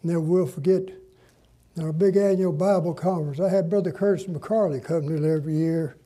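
An older man, a pastor telling stories in a sermon in a folksy, drawn-out way. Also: on the high side, mellow. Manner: folksy, drawn-out preaching with dramatic pauses. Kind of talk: sermon storytelling.

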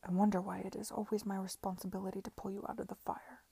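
A cool, weary gentleman who speaks curtly and icily, as a woman reads his lines. The voice is mellow and warm. The sound is close and dry. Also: medium pitch, flat delivery, fast, vocal fry, slightly rough, no echo. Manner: curt and icy.

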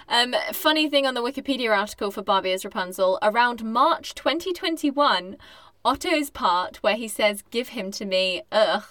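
A woman's voice: fairly high pitch, animated, pushed and bright, no room sound. Woman, late twenties, chatty and giggly, dry close sound. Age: late 20s. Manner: chatty, giggly, quick asides. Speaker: podcast co-host. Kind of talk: casual chat.

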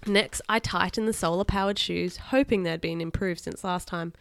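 Expressive woman reading a children's book. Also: fairly low pitch, normal speed, gravelly, smooth. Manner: expressive, chatty asides to viewers. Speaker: storybook reader. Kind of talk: reading a children's book aloud on a live stream.

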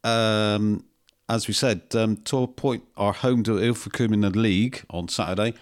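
A man co-hosting a casual local football chat, reading out fixtures in a measured, hesitant way with frequent ums. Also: lowish voice, steady tone. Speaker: co-host of a local football podcast.

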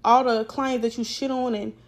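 A woman's voice: on the high side, flat delivery, normal speed. Blunt, profane young woman telling stories. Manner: blunt, profane, rambling storytelling. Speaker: podcast host. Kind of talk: casual storytime monologue.

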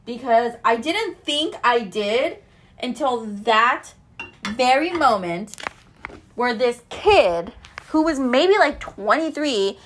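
A woman's voice: a little high, expressive, slow pace, a bit bright, slight background noise. A woman in her mid-thirties chatting casually to her viewers at home, ranting and swearing freely. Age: 30s. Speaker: vlogger. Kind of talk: casual chat to camera. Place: at home, kitchen sounds.

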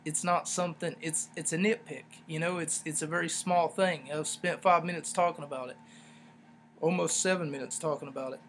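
A man's voice: a little high, fairly bright tone, slight background noise. A man hosting a solo podcast, ranting and rambling sarcastically with lots of fillers. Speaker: podcast host. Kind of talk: casual solo podcast review.

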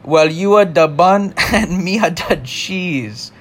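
A man putting on a mock Jamaican accent as a smooth-talking male lover, reciting song lyrics in a sing-song way. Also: sits high, takes it slowly, pitched above the performer's own voice. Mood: playful.

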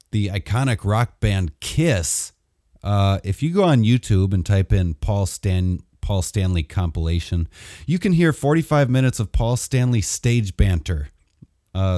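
Brief: low, dry-sounding male host, rambling deadpan delivery, casual web show. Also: dry recording.

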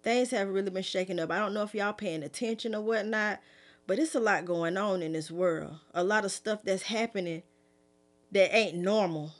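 Middle-aged woman preacher, easygoing and conversational. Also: normal speed. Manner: fervent, pleading, raised pitch at first; relaxed conversational afterword. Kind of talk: prophetic sermon, then casual talk.

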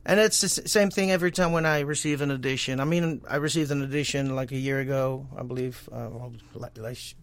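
A man's voice: mid-range voice, fairly even intonation, a little fast, hardly any pauses. A man with a Dutch accent, a voice actor and guest talking casually in an interview, with many restarts and repeated words. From Netherlands.

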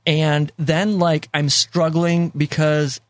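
A man's voice: a little high, little pitch movement, slow pace, dry recording. A man hosting a casual movie discussion podcast, rambling with many fillers and repeats, and laughing easily. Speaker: podcast host.

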